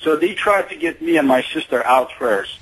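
A man's voice: a little high, lively intonation, moderate pace, a bit bright, a little hiss or hum, poor audio. A middle-aged man from Iran calling into a radio show, hesitant and full of fillers. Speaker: caller. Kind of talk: phone-in call to radio show.

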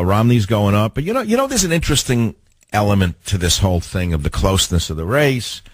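A man's voice: lowish voice, no room sound. An older man hosting a talk radio show, delivering an opinionated, combative monologue with rhetorical questions. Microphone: studio mic.

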